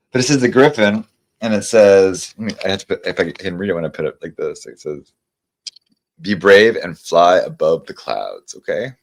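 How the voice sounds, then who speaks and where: Rambling low-voiced man reading tarot. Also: slight background noise. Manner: rambling, with stammered restarts; reads card messages aloud slowly. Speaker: tarot reader. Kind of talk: casual livestream chat with viewers.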